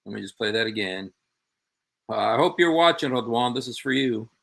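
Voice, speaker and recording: Male host, mid pitch, pointed and sarcastic, talks straight at an absent rival. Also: lively intonation, brisk, creaky, a bit bright. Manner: sarcastic, repeats quoted phrases pointedly; emphatic, addresses an absent opponent directly. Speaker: show host. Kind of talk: commentary on played clips.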